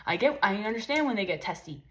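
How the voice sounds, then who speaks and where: A woman's voice: medium pitch, lively intonation, quick pace, fairly bright tone, a little hiss or hum. A young woman speaks straight to camera in a loose, rambling way. She is frank and swears freely. Her talk is full of fillers like "like" and "you know". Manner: frank, profane, chatty with many fillers. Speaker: spiritual vlogger. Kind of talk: casual rambling monologue.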